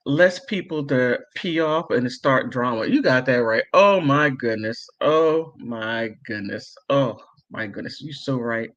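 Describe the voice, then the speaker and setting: A man's voice: medium pitch, expressive, measured pace, few pauses, a bit bright, dull audio. A man hosting a livestream, casually reading viewer comments aloud, giggling often and rambling with many fillers. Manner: giggly, laughs often between remarks; loose and rambling, full of fillers. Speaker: livestream host.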